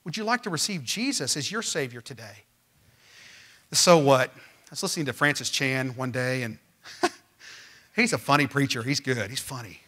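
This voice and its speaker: A man preaching a sermon as pastor, emphatic and swinging from loud, rising lines to quiet ones. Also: mid-range voice, expressive, moderate pace, pauses often, slightly rough. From Missouri. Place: church.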